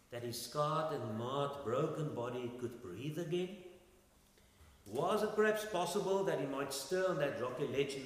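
A man preaching a sermon, swinging between loud and soft and asking rhetorical questions. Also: on the high side. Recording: echoey hall with long reverb.

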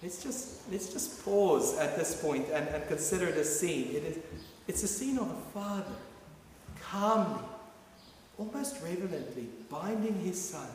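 A man's voice: on the high side, animated, a little slow, a little mellow. A man preaching a sermon with emphatic repetition and frequent restarts. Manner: emphatic, repeats phrases, many restarts. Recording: echoey hall with faint noise.

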